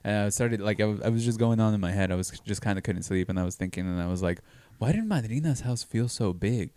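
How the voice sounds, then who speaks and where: A man's voice: sits low, little pitch movement, racing, mellow, clean tone, no echo. A man from Texas co-hosting a podcast, telling stories in a joking, freely swearing casual chat. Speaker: podcast co-host.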